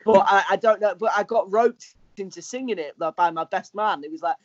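A man's voice: sits high, brisk, no room sound. Man, young adult, casual podcast co-host, rambling storyteller, dull lo-fi sound. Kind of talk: casual chat.

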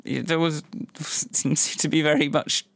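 A man's voice: a little high, little pitch movement, measured pace, gravelly, a bit bright, no room sound. A man in casual conversation, rambling and hesitant, often restarting his sentences. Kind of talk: casual chat.

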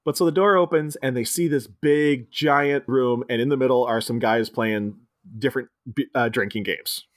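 A man's voice: medium pitch, moderate pace, no room sound, clean studio sound. A man co-hosting a podcast, casually recapping a film and acting out quoted lines along the way. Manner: animated retelling, jumping into quoted voices. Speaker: podcast co-host.

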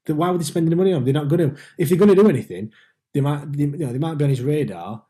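A man's voice: a little high, very fast, warm tone. A man co-hosting a casual football podcast. He agrees readily and stammers through restarts. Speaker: podcast co-host.

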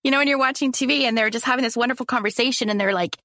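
A woman's voice: fairly high pitch, very fast, sharp tone, dry recording, studio quality. A woman who is a coaching client, speaking openly and self-reflectively, often laughing. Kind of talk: casual chat.

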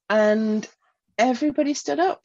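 A woman's voice: fairly high pitch, measured pace, warm tone, lo-fi sound. A middle-aged woman from England, reflecting on her past in a personal interview, with many fillers and small laughs. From Northeast England. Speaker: guest. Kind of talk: personal interview, recounting memories.

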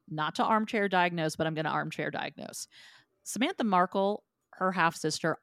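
A woman's voice: deep voice, dry recording, studio quality. A woman co-hosting a podcast in casual discussion, frank and conversational, swearing casually. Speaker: podcast co-host.

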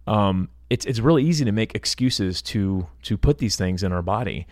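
A man's voice: fairly low pitch, expressive, moderate pace, a little mellow, no echo, clean studio sound. A man co-hosting a podcast in casual chat, telling rambling anecdotes and laughing easily. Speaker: podcast co-host.

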